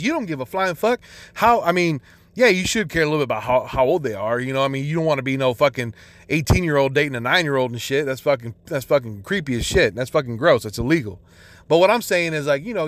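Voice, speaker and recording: A man's voice: a little high, fairly bright tone, no room sound. A young man telling a rambling personal story, swearing constantly, with many restarts and fillers. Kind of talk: casual storytelling monologue.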